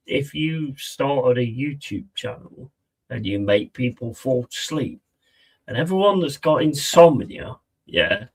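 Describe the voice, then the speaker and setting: A man's voice: mid-range voice, husky, rough recording. A man chatting casually on a live stream, rambling, mocking and swearing a lot.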